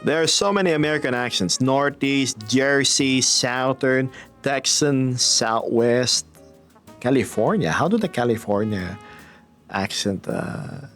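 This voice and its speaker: Playful, lively male streamer reading chat. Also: mid-range voice, unhurried, faint music behind. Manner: playful, laughs often, reads chat aloud. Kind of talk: casual live-stream chat.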